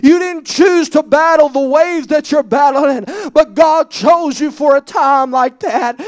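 A man preaching an impassioned sermon in a church, rising to shouts and tearful pleading. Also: very high voice, unhurried, hardly any pauses, dry recording, clean studio sound. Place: church sanctuary.

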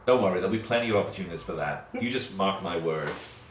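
A man's voice: low-pitched, animated, fast talker. A man voicing a cheeky middle-aged man who was once a zombie, in a teasing, rambling way. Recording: roomy sound, distant mic, faint hiss.

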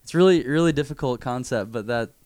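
A man interviewing a guest in a casual chat, easygoing and quick to joke or agree. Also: medium pitch, a little mellow, no echo. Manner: easygoing, joking, eager to agree.

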